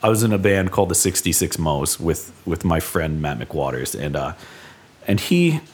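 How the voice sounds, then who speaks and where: A man, a songwriter, in a relaxed, rambling podcast chat, laughing often. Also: low voice, moderate pace, breathy edge. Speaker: songwriter guest.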